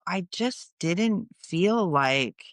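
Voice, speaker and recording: A woman's voice: on the low side, lively intonation, extremely slow, no room sound, clean studio sound. Earnest middle-aged woman telling a story. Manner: earnest, conversational, explains as she goes. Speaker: podcast host. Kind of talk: personal storytelling monologue.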